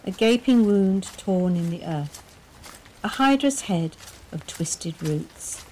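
A woman reading a dark domestic story aloud in measured, expressive audiobook narration. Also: medium pitch, a little hiss or hum.

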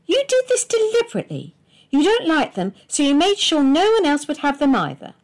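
A shrill, bitter middle-aged wife, as a woman reader puts her on, pitched well above the narration and swooping wildly. She accuses in a strained, thin tone, slow and deliberate, always close to tears. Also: very animated, darkish tone. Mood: accusing.

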